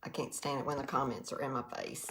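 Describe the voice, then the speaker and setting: A woman's voice: rumbling low, little pitch movement, a little fast, fairly bright tone, a little hiss or hum. A woman, chatting on a livestream, tired and nervous, folksy, greeting viewers by name. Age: 60s. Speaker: direct sales livestreamer. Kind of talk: casual livestream talk to viewers. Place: quiet room.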